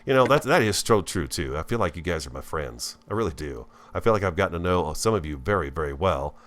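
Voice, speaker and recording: Deep voiced guy rambling thru a building game, folksy and chatty, voice bouncing all over. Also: expressive, quick pace. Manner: folksy, chatty, talks warmly to viewers. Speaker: let's-play host. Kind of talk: casual gameplay commentary.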